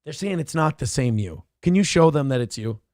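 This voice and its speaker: A man hosting a casual livestream, rambling excitably with crude jokes and cooing to his dog. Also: fairly high pitch, fairly quick, dry recording, studio quality. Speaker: livestream host.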